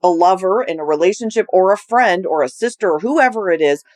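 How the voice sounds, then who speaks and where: Podcast host, middle-aged woman; blunt and candid, casual swearing, animated asides. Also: fairly low pitch, fairly quick. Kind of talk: candid conversational chat.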